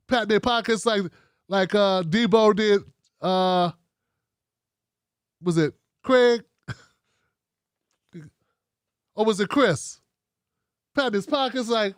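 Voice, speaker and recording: Call-in host, man, high voice, lively slangy delivery, dry close sound. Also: slow, pauses often, clear, resonant tone, no room sound. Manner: animated, laughing, loose slangy chat. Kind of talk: call-in show talk.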